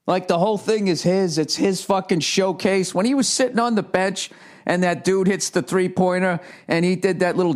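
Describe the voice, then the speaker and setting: A middle-aged man and comedian, ranting casually to his listeners with heavy profanity, animated and mocking. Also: sits high. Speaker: comedian and podcast host. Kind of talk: casual rant.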